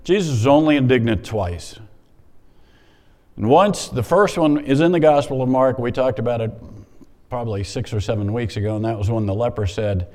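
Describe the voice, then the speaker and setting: A man preaching a sermon in a conversational, animated way, stopping often to explain the Scripture he reads. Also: medium pitch, normal speed. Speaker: pastor. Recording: hall reverb.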